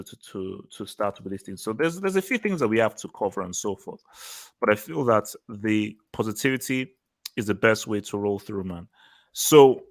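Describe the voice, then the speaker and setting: A man's voice: lowish voice, fairly bright tone. A man hosting a casual football livestream, talking loosely with repeated phrases and easy laughs. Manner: loose, repetitive, laughing easily. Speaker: host.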